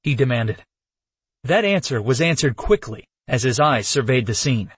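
Husky, expressive male narrator. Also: mid-range voice, normal speed, dry recording. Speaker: audiobook narrator. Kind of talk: first-person fiction narration.

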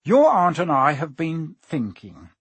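A man plays a stern, blustering middle-aged uncle in a storybook reading. He barks short, clipped orders in a slightly husky voice, with dry sound close to the mic. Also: a little high, very animated, measured pace, dry recording, exaggerated voice. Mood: curt. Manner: short, snapping commands.

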